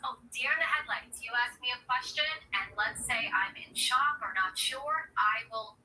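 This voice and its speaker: A woman explaining body language in a TV interview. She talks in a lively way and acts out her examples in quoted voices. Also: a little high, moderate pace, reverberant, distant mic, a little hiss or hum, rough recording. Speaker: body language expert guest on TV. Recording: TV speaker heard across a room.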